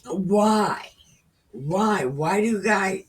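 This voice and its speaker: A woman's voice: fairly low pitch, expressive, slow pace. A woman in her thirties reading scripture aloud casually, paraphrasing with irreverent, profane slang. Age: 30s. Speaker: reader. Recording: distant from the mic.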